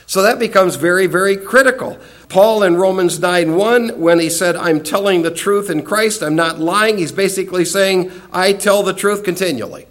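Guy teaching bible class, kinda high voice, earnest and emphatic, hammers key words. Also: fairly bright tone. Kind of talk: Bible study lesson.

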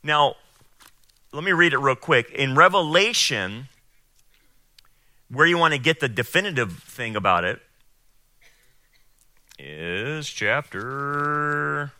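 A man preaching and teaching the Bible, emphatic, acting out quotes in a raised voice and then explaining calmly. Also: mid-range voice, slow pace, long pauses, dry recording. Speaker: pastor.

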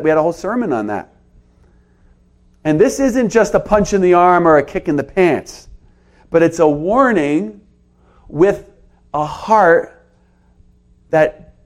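Male pastor preaching in earnest; fairly high voice with lively rises and drops. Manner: earnest preaching, pitch rising and falling for emphasis. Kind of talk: sermon.

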